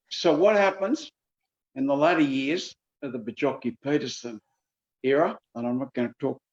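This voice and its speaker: An older Australian man from Queensland holds forth in an interview with folksy, emphatic delivery. He repeats key figures slowly to drive them home. His voice sits at an everyday pitch and comes through a dull, lo-fi recording. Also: a little mellow. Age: 70s. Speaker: politician guest. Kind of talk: interview answers.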